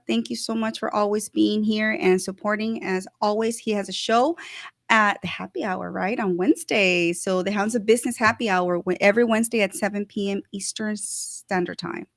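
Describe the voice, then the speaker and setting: Woman host, gushing and grateful, quick shout-outs, dry close sound. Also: medium pitch, dry recording. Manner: effusive, thankful, rushing through shout-outs. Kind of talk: casual live show hosting.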